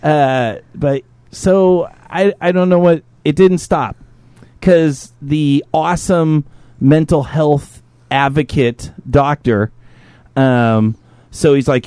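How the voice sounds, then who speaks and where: On his podcast, a grown man with kids shares a personal anecdote conversationally, cussing liberally and voicing other people's lines himself. His voice is a little high and smooth, his pace slow, and the recording has no room sound. He's profane and lively, diving into impressions.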